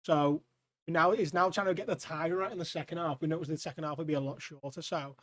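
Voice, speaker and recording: A man co-hosting a comedy podcast, talking in excitable casual banter and breaking into loud silly shouts and laughter. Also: fairly high pitch, fast. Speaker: podcast co-host.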